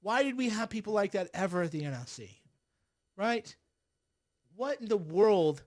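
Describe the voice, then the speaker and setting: A middle-aged man with a high-pitched voice hosts a political livestream. He sounds sarcastic and exasperated, sighs often, and mocks the people he talks about. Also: expressive, moderate pace, a little mellow. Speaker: livestream host.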